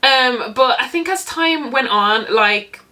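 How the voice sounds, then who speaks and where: A young woman vlogger telling a dating story in a candid, animated way, swearing freely. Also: high voice, slow pace. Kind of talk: casual storytime.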